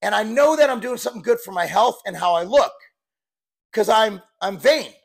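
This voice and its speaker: A man's voice: high-pitched, lively intonation, moderate pace, gravelly. A man in his forties, a fitness coach, talking candidly and bluntly in a rambling, casual vlog style. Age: 40s.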